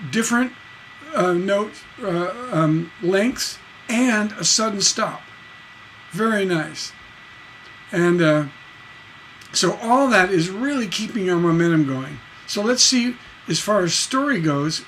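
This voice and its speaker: A man's voice: high-pitched, animated, slow pace, fairly bright tone, a little hiss or hum. A man teaching a casual songwriting lesson, explaining with enthusiasm and breaking into sung snippets and scatted rhythms. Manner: enthusiastic, conversational, sings melody snippets and scats rhythms. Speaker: songwriting instructor.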